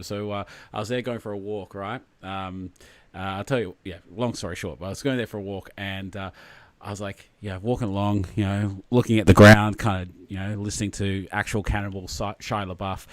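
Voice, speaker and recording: A man's voice: fairly low pitch, fairly even intonation, brisk, no echo. Laid-back man hosting a livestream. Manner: laid-back, rambling, greets viewers by name. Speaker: host. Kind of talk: casual livestream chat.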